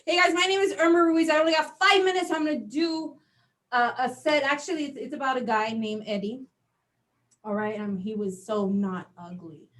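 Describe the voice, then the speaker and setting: A woman's voice: high-pitched, normal speed. A middle-aged woman doing a stand-up comedy set, telling a story and acting out the voices in it. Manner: animated storytelling, acts out dialogue.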